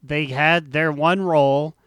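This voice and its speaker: A man co-hosts a casual podcast, trading deadpan, absurd jokes. His voice is fairly high and smooth, recorded dry and close. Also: takes it slowly, no echo. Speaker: podcast co-host. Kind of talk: casual chat.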